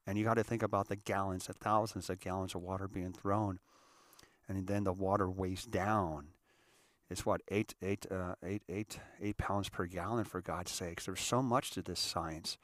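A man's voice: low-pitched, fairly bright tone, no room sound, studio quality. A middle-aged man hosting a show, talking earnestly and emotionally, often repeating and restarting his words. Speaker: podcast host. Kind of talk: casual heartfelt monologue.

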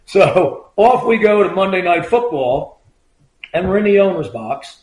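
The voice is high-pitched, sing-song, unhurried and a little mellow, belonging to a middle-aged retired trooper. In a roomy-sounding recording, he rambles through casual anecdotes packed with fillers, acting out quoted lines in a raised voice.

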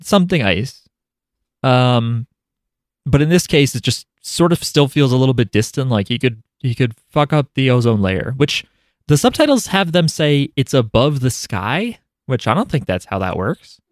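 A man's voice: mid-range voice, big pitch swings, moderate pace, dry recording, clean studio sound. A man chatting casually and recapping a show, rambling and joking with frequent laughter.

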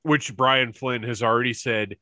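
A man co-hosting a casual fan podcast, telling stories in an excitable, animated way with quick asides over a remote call mic. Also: medium pitch, dry recording, clean studio sound. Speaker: podcast co-host.

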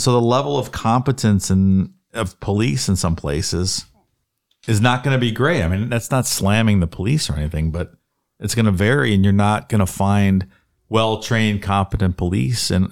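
A man's voice: on the low side, vocal fry. A man in his fifties co-hosting a podcast, talking casually and hedging with many restarts. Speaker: podcast co-host. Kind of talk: casual chat.

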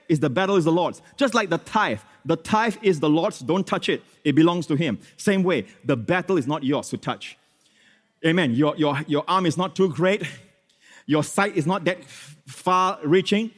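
A male pastor preaching a sermon, his fairly high voice ringing out with long reverb in a church hall. He swings from emphatic exclamations down to hushed, prayerful lines. He repeats phrases and scatters hallelujahs and amens throughout. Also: expressive, normal speed.

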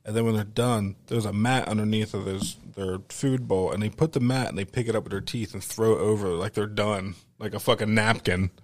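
A man's voice: on the low side, steady tone, fairly quick, hardly any pauses, a little mellow, no echo. A man in casual podcast chat, telling profane, exaggerated stories with laughter.

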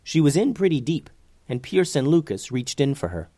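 A man reading a children's fantasy story aloud as narrator, in an expressive, animated way. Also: a little high, moderate pace, no echo.

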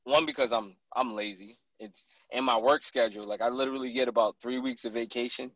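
A man telling hunting stories in casual chat as a podcast guest, animated and acting out the lines of others. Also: mid-range voice, a little fast, no room sound, muffled recording. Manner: animated storyteller who acts out others' lines.

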